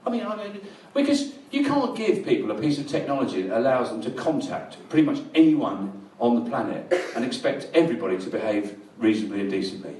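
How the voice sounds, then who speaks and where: A middle-aged man from England doing a live stand-up set, rambling and deadpan, in a small comedy venue. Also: medium pitch, fast talker, few pauses, a little hiss or hum. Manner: dry, rambling, deadpan with crowd laughter. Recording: roomy live venue, distant mic.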